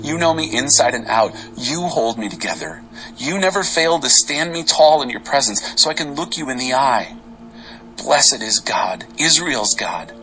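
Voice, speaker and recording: A man giving an expressive, dramatic reading of Bible psalms over faint music. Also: mid-range voice, normal speed, slight background noise, poor audio. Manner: expressive, varied delivery. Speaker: scripture reader.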